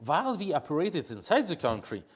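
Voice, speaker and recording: A man's voice: on the high side, huge pitch swings, fairly quick, husky. A man, answering interview questions in English with frequent fillers and restarts. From Russia. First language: Russian. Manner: hesitant, many fillers and restarts. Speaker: interview guest, opposition politician.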